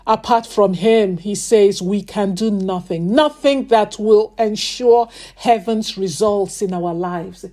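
A woman's voice: mid-range voice, mellow. A woman preacher leading a congregation in prayer, repeating and drawing out her prayer phrases. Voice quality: drawn-out, repetitive prayer phrases. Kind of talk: sermon and led prayer.

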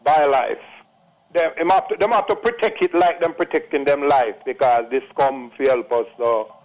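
A man's voice: mid-range voice, normal speed, poor audio. A man in his late sixties with a Jamaican accent, calling into a radio show and telling a long testimonial in an emphatic, repetitive patois manner. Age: 60s. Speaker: caller. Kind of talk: phone-in testimonial.

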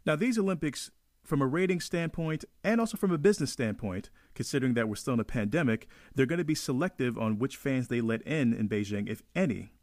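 A man from Jamaica hosting a radio show, giving emphatic opinionated commentary that swings from low asides to excited highs. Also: fairly quick, dry recording, clean studio sound.

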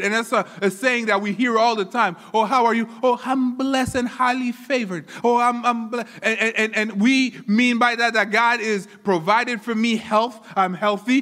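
A man preaching a sermon as pastor, animated, often repeating words as he builds a point. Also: high voice, in a large hall. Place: church.

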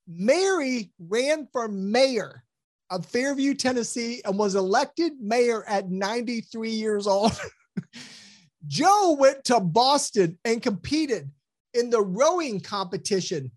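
On a podcast interview, a health program guest speaks slowly in an extremely high, expressive voice. He's enthusiastic and preacherly, telling stories, quoting scripture, and laughing often.

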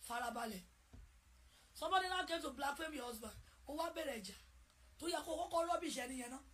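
High, bright-voiced fervent woman preacher. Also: expressive. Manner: fervent, swings from loud chanted prayer to quick conversational exhortation. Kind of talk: sermon with prayer.

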